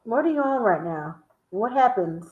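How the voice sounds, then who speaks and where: A woman with a Southern American accent hosts a playful word game with friends, her voice slightly high and lively at a moderate pace. She teases, laughs often, and stretches out her words. The room is echoey and the sound dull and lo-fi.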